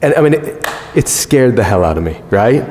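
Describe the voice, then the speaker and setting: A man's voice: mid-range voice, normal speed, slight background noise. Storytelling man in a reverberant hall. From United States. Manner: animated, self-mocking storyteller. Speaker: conference speaker. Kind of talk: storytelling talk. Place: large conference hall.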